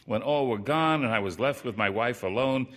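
A man's voice: medium pitch, normal speed, fairly bright tone. A man reading a first-person story aloud in a plain, wry, rueful storytelling manner.

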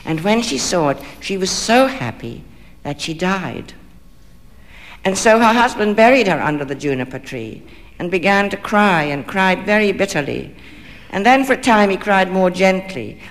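A man reading a fairy tale aloud, measured and expressive, lingering on phrases. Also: high-pitched. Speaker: storyteller. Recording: long hall reverb.

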